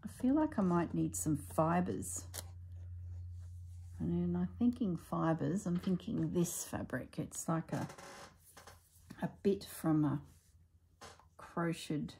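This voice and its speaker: A middle-aged woman chatting casually while she stitches, thinking aloud and drifting into soft asides. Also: lowish voice, measured pace, gravelly, a little hiss or hum, rough recording. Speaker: slow-stitching vlogger.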